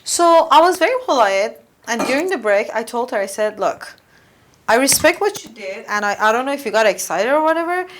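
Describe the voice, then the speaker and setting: A young woman hosting a casual podcast, chatting and telling personal stories. Her voice sits somewhat high, and she talks freely in a conversational flow. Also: expressive, fairly quick, slight background noise. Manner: chatty, storytelling, acts out quoted lines. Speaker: podcast host.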